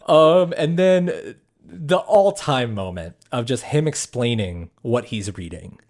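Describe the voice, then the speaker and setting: A man's voice: medium pitch, slow. A young man co-hosting a podcast, chatting casually about a movie and acting out its quotes. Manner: animated, acts out movie quotes. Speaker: podcast co-host. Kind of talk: casual film review chat.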